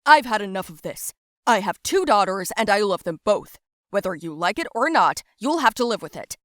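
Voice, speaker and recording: Woman doing an angry father, stern, shouting ultimatums, middle pitch, dry close sound. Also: very animated, normal speed, no echo. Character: angry middle-aged father laying down the law.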